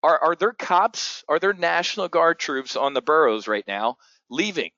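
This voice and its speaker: A man's voice: on the high side, big pitch swings, moderate pace, sharp tone, no room sound, highs cut off. A man hosting a casual live market briefing for options traders, blunt, profane and rambling. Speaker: options trading host.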